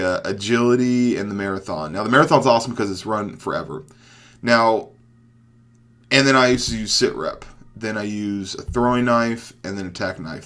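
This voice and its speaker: A young man giving casual commentary over his own gameplay, excitable, dropping from mumbled asides to loud hype shouts. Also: mid-range voice. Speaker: gaming commentator.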